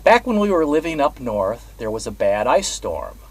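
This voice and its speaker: A man hosting his own vlog, telling a personal story in a measured, earnest way. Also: medium pitch, very animated, rough recording. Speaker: host. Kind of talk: reflective personal vlog monologue.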